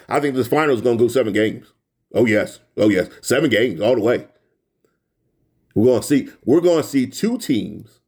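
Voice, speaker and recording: Sports host, male, preachy and emphatic, middle pitch, repeats himself for effect. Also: darkish tone. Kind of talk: casual sports commentary monologue.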